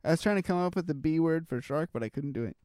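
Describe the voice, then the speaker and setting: A man chatting casually as co-host, rambling through his thoughts with plenty of fillers and restarts. His voice sits a little high and sounds smooth and clean. The sound is dry and close. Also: animated, fast, a little mellow, dry recording. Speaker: podcast co-host. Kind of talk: casual chat reacting to news stories.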